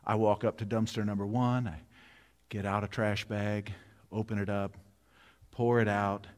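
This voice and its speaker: A man's voice: fairly low pitch, level tone, normal speed, darkish tone. A man in his fifties, a pastor preaching a sermon, telling a vivid personal story and then building to emphatic, repeated appeals. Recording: long reverb of a large hall.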